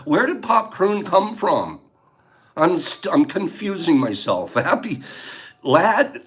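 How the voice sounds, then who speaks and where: A man's voice: on the high side, fairly bright tone. An older man hosting a casual live chat, playful and joking, laughing often and reading out viewers' answers. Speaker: livestream host.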